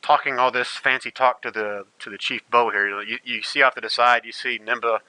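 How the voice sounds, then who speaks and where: Game master, male, crisp dry sound, meandering delivery. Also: medium pitch, fairly even intonation, brisk, sharp tone, no room sound, low-quality recording. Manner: rambling, many uh fillers. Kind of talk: narrating a tabletop game.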